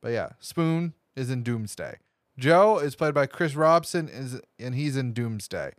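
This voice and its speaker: Male podcast host, mid-pitched voice, dry close sound, rambling casual read of his notes. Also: animated, unhurried, dry recording. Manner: rambling, reads cast notes with fillers and restarts. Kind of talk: casual movie podcast chat.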